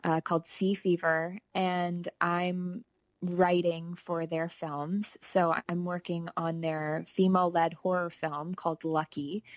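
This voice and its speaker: A woman's voice: lowish voice, no room sound. A young woman talking as a guest on a podcast, upbeat and chatty, laughing easily. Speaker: podcast guest, actor and songwriter. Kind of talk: casual interview chat.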